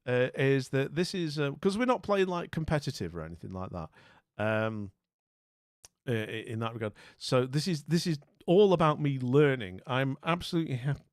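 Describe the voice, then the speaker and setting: A man's voice: mid-range voice, lively intonation, moderate pace, dry recording, clean studio sound. Chatty man thinking aloud on stream. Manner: chatty and rambling, thinking aloud and greeting viewers. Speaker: streamer playing a geography guessing game. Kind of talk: casual live-stream commentary.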